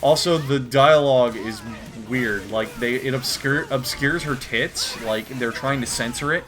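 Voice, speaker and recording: A man giving crude, rambling comedic commentary while reading a comic aloud, with profane deadpan asides. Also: mid-range voice, a little slow, noisy background. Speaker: comedy video host.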